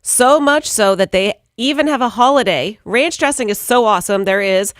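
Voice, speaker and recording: Brief: woman radio co-host, brisk headline reader, dry close-miked sound. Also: a little high, expressive, dry recording. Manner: brisk, reads headlines then jokes. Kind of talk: morning radio banter, reading news items.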